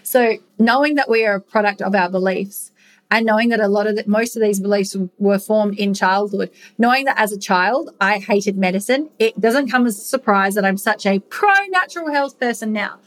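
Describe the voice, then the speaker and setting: A woman's voice: mid-range voice, moderate pace. Frank, swearing woman podcast host. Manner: frank, casual, swears freely; earnest, encouraging to listeners. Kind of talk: personal storytelling monologue.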